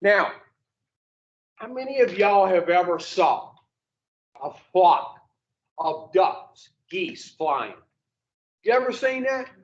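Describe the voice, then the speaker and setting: A man's voice: high-pitched, lively intonation, takes it slowly, long pauses, dull audio. A man speaking to an addiction recovery group in a blunt, profane, plain-spoken way, firing rhetorical questions at the room. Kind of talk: blunt motivational talk to a group.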